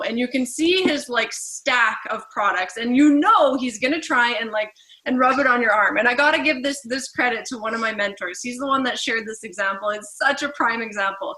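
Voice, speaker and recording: A woman giving a casual team training talk, chatty and lively, acting out little dialogues. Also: fairly high pitch, low-quality recording.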